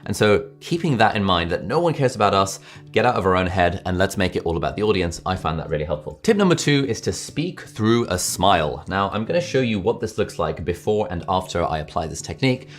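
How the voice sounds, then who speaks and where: A young man talks fast and breezily to camera, in a fairly low voice. His delivery is chatty and informal, with self-aware asides. Soft music plays faintly behind him. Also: very animated. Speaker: YouTube host giving speaking tips. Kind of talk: casual talk to camera.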